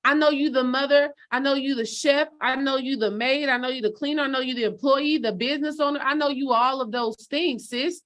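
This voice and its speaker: Higher-voiced woman coaching her followers. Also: fairly even intonation, fairly quick, hardly any pauses, a bit bright. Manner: direct, preachy, calls listeners sis and baby. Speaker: spiritual healing coach. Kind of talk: casual motivational talk to followers.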